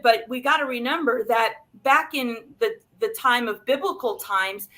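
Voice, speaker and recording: A woman's voice: fairly high pitch, moderate pace, hardly any pauses, a bit bright. A woman speaking as a doctor guest on a talk show, explaining nutrition with everyday examples.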